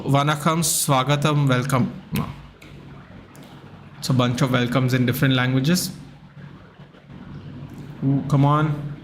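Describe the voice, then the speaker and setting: A man's voice: mid-range voice, slight background noise. A man streaming a live football watchalong, chatting casually and reading out viewer comments. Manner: chatty, reads out viewer comments, excitable at goals.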